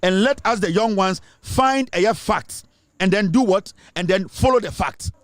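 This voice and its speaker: A man's voice: sits high, expressive, a little slow, dry recording. A Ghanaian man giving impassioned commentary, lecturing emphatically and switching between English and Twi. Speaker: online commentator.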